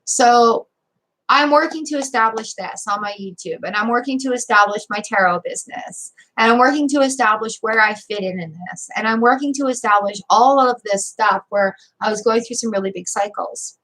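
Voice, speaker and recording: A middle-aged woman reading tarot on a live stream, telling a story in a chatty, animated way and talking straight to her viewers. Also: a little high, normal speed, poor audio. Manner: animated, talks straight to viewers, repeats phrases for emphasis.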